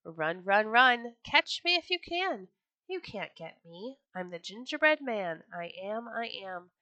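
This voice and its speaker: A woman's voice: medium pitch, expressive, unhurried, bright, forceful tone, dry recording, lo-fi sound. A woman voicing a cheeky, boastful gingerbread boy who taunts his chasers in a sing-song chant. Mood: taunting.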